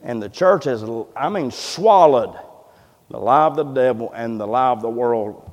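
A man preaching a sermon in a church, fervent and emphatic, swinging between loud cries and quiet asides, repeating words as he builds. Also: mid-range voice, expressive, measured pace. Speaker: pastor. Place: church sanctuary. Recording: echoey church hall sound.

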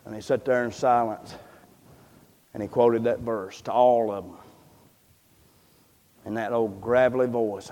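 A man's voice: mid-range voice, normal speed, pauses often, a little mellow. A man preaching a sermon, impassioned and folksy, often repeating words as he builds up. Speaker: pastor. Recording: long reverb of a large hall.

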